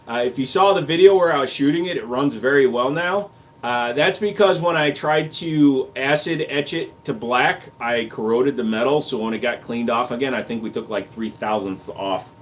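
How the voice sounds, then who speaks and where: A man's voice: on the high side, a bit bright. A man hosting a livestream, reading chat comments aloud and answering with crude jokes and casual gun talk. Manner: crude joking banter, reads comments aloud.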